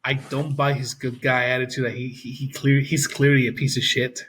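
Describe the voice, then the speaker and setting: A man's voice: mid-range voice, level tone, normal speed, fairly bright tone, slight background noise. A man co-hosting a casual sports podcast, ranting and swearing as he makes his picks. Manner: profane, ranting. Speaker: podcast co-host.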